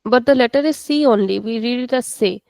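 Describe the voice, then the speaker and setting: Woman, online teacher, patient, repeats words, gravelly, dry sound. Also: fairly high pitch, darkish tone, no room sound. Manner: patient, explains slowly and repeats words for students. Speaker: Portuguese teacher. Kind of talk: live online class teaching.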